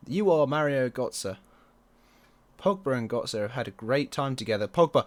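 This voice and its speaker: A man commenting on his own football management game, excitable and quick to groan or yell at the match. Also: mid-range voice. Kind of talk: let's play commentary.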